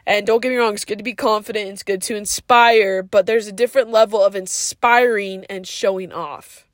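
A woman hosting a podcast delivers a casual yet earnest, preachy monologue packed with "like" fillers and slang such as "yo" and "bro". Her mid-range voice has fairly even intonation and a moderate pace, recorded at studio quality with no room sound.

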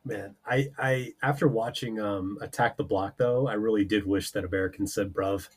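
A man's voice: fairly low pitch, steady tone, moderate pace, husky. A man co-hosting a comedy podcast, chatting loosely with frequent laughter and casual swearing. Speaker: podcast co-host.

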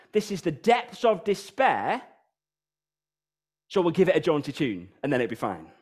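A man's voice: high voice, husky. A man in his thirties with a British accent preaching a sermon in a church, firing off rhetorical questions. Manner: animated, rhetorical questions, sings snatches of songs.

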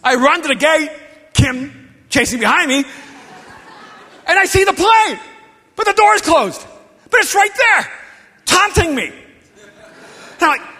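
A middle-aged male pastor preaching a sermon through personal stories, swinging from hushed confession to shouting. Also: very high voice, lively intonation, unhurried, long pauses. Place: large church gathering hall. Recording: long reverb of a big hall.

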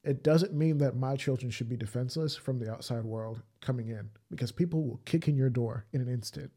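A man hosting a podcast interview, speaking reflectively and haltingly, with many restarts. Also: medium pitch, dark tone, slightly rough. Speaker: podcast host.

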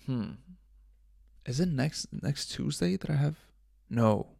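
A young man hosting a casual solo podcast, rambling and swearing with jokes, often coughing and clearing his throat into a close microphone. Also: medium pitch, expressive, takes it slowly, dry recording. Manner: rambling, profane, jokey, drifts between loud bits and mumbling. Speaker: podcast host. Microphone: studio microphone up close.

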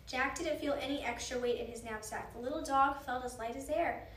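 A woman reading a children's book aloud in an expressive, animated way. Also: high-pitched, a little fast. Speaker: storyteller. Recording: roomy, distant mic, faint noise.

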